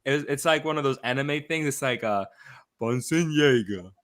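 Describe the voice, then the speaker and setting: A man's voice: mid-range voice, fairly quick, a bit bright. A man in a casual group chat, teasing the others and laughing often. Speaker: podcast panelist.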